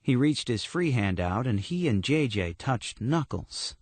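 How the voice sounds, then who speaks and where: A man narrating a horror story audiobook in a steady, measured storytelling manner. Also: medium pitch, no echo.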